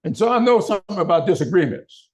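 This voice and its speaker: An older man giving a town hall speech in slow, deliberate oratory with emphatic pauses. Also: sits high, sing-song, husky. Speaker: political speaker.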